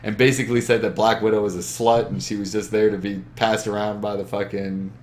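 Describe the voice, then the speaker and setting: A man's voice: lowish voice, little pitch movement, brisk, slight background noise. A young man hosting a gaming podcast from a webcam setup, talking in a rambling, profane, emphatic way. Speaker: podcast host. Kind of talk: casual chat.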